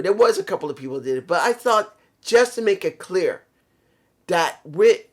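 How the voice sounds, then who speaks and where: A man giving a casual, opinionated review monologue. He rants bluntly, swears freely, and has a worn voice he calls messed up. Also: high voice. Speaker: show reviewer.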